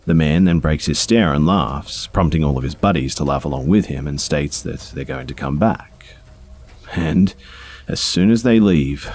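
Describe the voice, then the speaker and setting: A man's voice: a bass voice, darkish tone, slightly rough. A man reading first-person stories aloud in a conversational way, with small fillers along the way. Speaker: storyteller.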